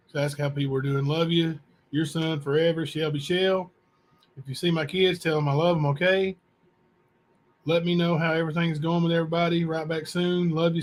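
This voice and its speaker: A man hosting a channel, reading letters aloud to viewers in a plain, unhurried way with asides. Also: fairly high pitch. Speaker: channel host.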